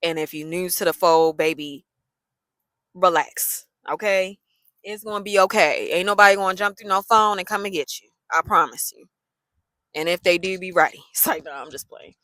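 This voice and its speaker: A woman, telling a story in a casual vlog, sassy and animated. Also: lowish voice, normal speed, no echo, low-quality recording. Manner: animated, sassy, loose colloquial talk.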